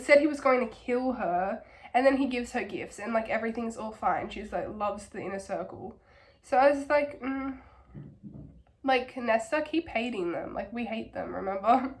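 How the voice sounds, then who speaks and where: Hoarse young woman ranting about a book. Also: on the high side. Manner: rambling, filler-heavy, enthusiastic. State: hoarse from a cold. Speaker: book reviewer. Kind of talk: casual ranting book review.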